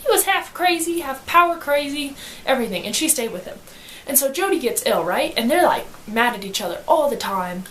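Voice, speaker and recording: A woman giving a casual book summary in slangy, animated storytelling, acting out quotes as she goes. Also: sits high, fairly quick, a little hiss or hum. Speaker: student reviewer.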